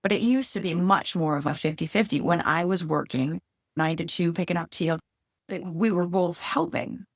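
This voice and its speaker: Woman co-host, lowish voice, dry close sound, candid heartfelt chat, emotional and searching. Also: normal speed, no room sound. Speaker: podcast co-host.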